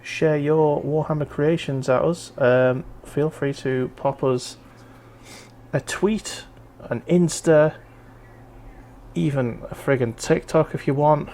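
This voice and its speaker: A man's voice: a little high, steady tone, slow pace, a little mellow. A man chatting casually while he hosts a hobby stream, his words loose and rambling. A faint hiss of noise sits under his voice. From North East England. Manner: rambling, easygoing banter. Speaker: stream host. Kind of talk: casual chat.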